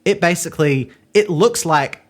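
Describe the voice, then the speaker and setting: A woman's voice: lowish voice, normal speed. A woman co-hosting a film podcast in casual chat, enthusiastic, with lots of "like" fillers. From Australia. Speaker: podcast co-host.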